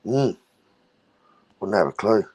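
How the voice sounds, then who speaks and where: A man's voice: lowish voice, expressive, takes it slowly, darkish tone. An Australian man hosting his livestream in casual chat, joking loosely and swearing as he goes. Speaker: livestream host.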